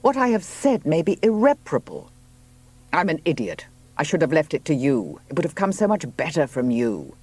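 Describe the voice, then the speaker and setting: A man reading the part of a blunt but kindly country gentleman who speaks dryly and placidly. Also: fairly high pitch, sing-song, normal speed, voice pushed up.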